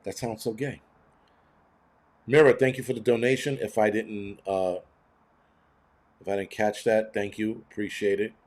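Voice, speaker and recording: A man's voice: lowish voice, steady tone, moderate pace, a little mellow. A man in his fifties hosting a casual livestream, rambling and sarcastic with constant swearing. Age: 50s. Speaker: livestream host.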